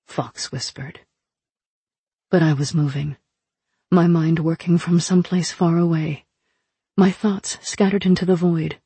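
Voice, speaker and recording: A woman narrating a novel in the first person as an audiobook reader, in a hushed, dark manner. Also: lowish voice, slightly rough, no room sound.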